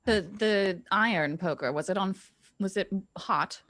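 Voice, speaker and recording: A woman playing a tabletop game who speaks in a dry, deliberate, polite way. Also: medium pitch, a bit bright, dry recording. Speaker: player.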